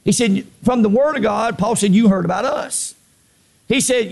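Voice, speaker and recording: A preacher delivers a sermon in a high, gravelly voice. He drags out his scripture readings and repeats phrases as he builds. At his peaks he climbs even higher and shouts. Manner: reads scripture slowly, drawn out.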